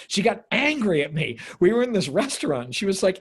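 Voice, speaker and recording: A man's voice: high voice, fast, hardly any pauses, slightly rough. A man in casual conversation, telling stories animatedly and acting out the people he quotes. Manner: animated storyteller, acts out quoted voices. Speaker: co-host. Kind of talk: casual conversation over video call. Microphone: phone or video call. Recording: video call audio with music behind.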